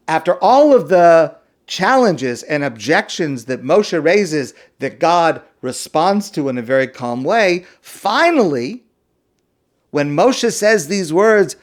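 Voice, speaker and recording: A man teaching as a rabbi in a class on the weekly Torah portion, telling stories with self-deprecating humor and asking pointed questions. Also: high-pitched. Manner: asks pointed rhetorical questions.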